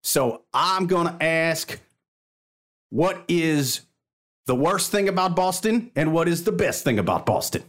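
A man playing a naive judge in a comedy bit, deadpan and a little stammering. His voice sits fairly high for a man. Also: unhurried.

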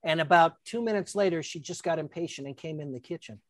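A woman's voice: sits low, fast talker, no echo. Older woman guest, chatty storyteller, stumbles over words, dry close sound. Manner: lively, stammering restarts, acts out quotes. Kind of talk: casual anecdote.

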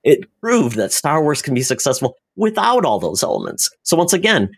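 A man speaking as a podcast guest in casual chat, halting and searching for his words. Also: on the high side, sing-song, husky.

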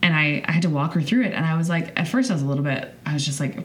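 A woman's voice: deep voice, lively intonation, racing. A woman in her twenties hosting a podcast, talking candidly in a rambling personal monologue with restarts and the odd swear. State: choked up. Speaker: podcast host.

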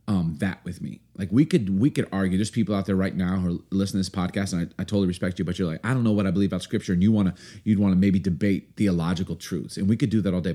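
A man's voice: low voice, mellow. A man in his forties, a pastor of long standing, talking earnestly on a podcast with many fillers and restarts, and reading scripture aloud.

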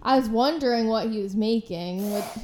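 Hesitant woman guest, high voice. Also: moderate pace, darkish tone, slight background noise. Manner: hesitant, filler-laden. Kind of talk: casual chat.

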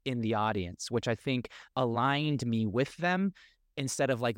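A man's voice: medium pitch, a little slow, no room sound, clean studio sound. A young man telling his story as a podcast guest, earnest and reflective, often restarting his sentences. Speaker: podcast guest, speaker and coach. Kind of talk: casual interview storytelling.

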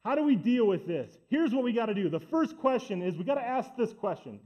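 A man's voice: very high voice, very animated, brisk, few pauses, darkish tone. A man preaching a sermon as pastor, talking emphatically and building up his points by repeating himself. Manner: emphatic, repetitive build-ups.

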